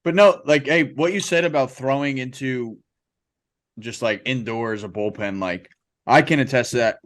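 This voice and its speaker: A man's voice: medium pitch, normal speed. A man co-hosting a podcast, who is also a ballplayer, talking emphatically, with casual swearing and many filler words.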